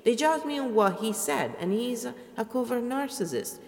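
A woman's voice: on the high side, expressive, moderate pace, creaky, darkish tone. Woman, middle-aged, blunt rambling rant, long echoing reverb. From Italy. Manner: blunt, swears freely, rambling. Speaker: vlogger. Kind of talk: personal rant to camera.

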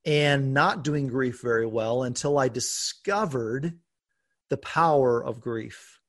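A man hosting a podcast, talking earnestly and openly about his own life, with bursts of laughter and animated emphasis. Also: mid-range voice, takes it slowly. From United States. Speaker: podcast host. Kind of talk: conversational podcast talk.

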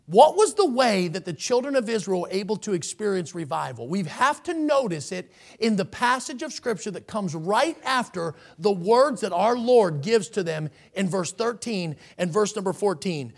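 A man's voice: sits high, expressive, moderate pace, vocal fry, few pauses. Male preacher in a church, voice swooping up and down a lot, reads scripture then pushes hard on the big lines. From United States. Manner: preaching with rising emphasis, reading scripture aloud. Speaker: pastor. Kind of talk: sermon. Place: church sanctuary.

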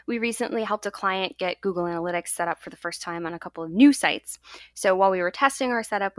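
A woman's voice: lowish voice, dry recording. Dry-sounding female podcast co-host. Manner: laughs often, relaxed, explains work stories plainly. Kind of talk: casual chat.

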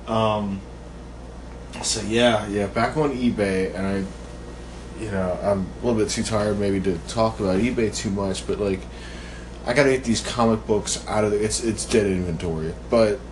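Groggy man vlogging over background noise. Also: fairly low pitch. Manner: rambling, loose, with many fillers. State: groggy early-morning voice. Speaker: reseller vlogger. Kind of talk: casual vlog chat. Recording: noisy background.

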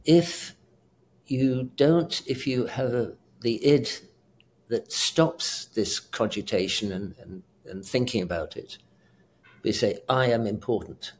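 An older man with a British accent, from South Africa, speaks slowly in a mid-range, slightly mellow voice against a little hiss or hum. He's a retired doctor giving a casual interview, rambling, chuckling and revising his own words.

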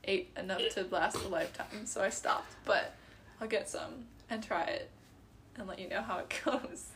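A woman's voice: medium pitch, moderate pace, slight background noise. A woman with a Chicago-area accent, co-hosting a casual podcast chat and telling stories with lots of laughter. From US Midwest. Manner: giggly, animated storytelling.

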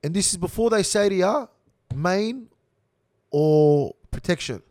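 A young Australian man telling a rough prison story in casual slang, swearing constantly. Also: sits high, measured pace. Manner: swears heavily, animated slang-filled storytelling.

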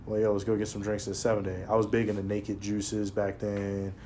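A man telling stories in casual chat, animated and profane, jumping into a raised voice to act out quotes. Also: fairly low pitch, brisk, a little hiss or hum. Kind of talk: casual storytelling.

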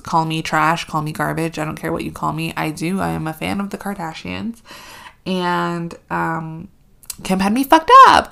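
A young woman with a low, gravelly voice hosts her own podcast. She talks in a casual, sarcastic way, gets heated and curses freely. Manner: sarcastic, animated, swears freely. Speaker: podcast host. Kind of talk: casual solo podcast rant.

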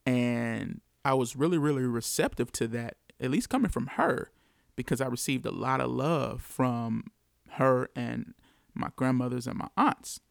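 A man's voice: medium pitch, unhurried, vocal fry, no echo, studio quality. A man from the United States telling his story as a father in an earnest, reflective monologue, repeating key phrases for emphasis.

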